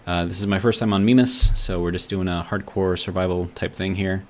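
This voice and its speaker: A man's voice: sits low, steady tone, a little fast. A man streaming a game live, thinking aloud as he plays and reading out chat messages in a rambling, chatty way. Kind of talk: live gameplay commentary.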